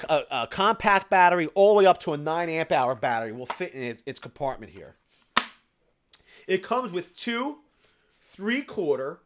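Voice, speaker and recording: A man's voice: a little high, fairly bright tone. A man hosting a casual live stream, reading viewer comments aloud and rambling about food and tools. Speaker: live stream host answering viewer chat.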